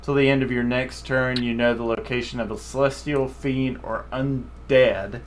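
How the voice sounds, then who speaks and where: A man's voice: mid-range voice, fairly even intonation, moderate pace, a little hiss or hum. A man narrating as game master of a tabletop game, rambling and correcting himself as he goes.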